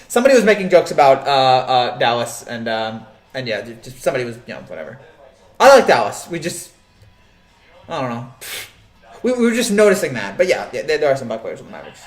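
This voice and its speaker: A man's voice: mid-range voice, sing-song, fast, reverberant, soft background music. Rambling joking man hosting a sports stream. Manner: rambling, joking, many restarts and fillers. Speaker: sports show host reading live chat. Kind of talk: casual live-stream chat.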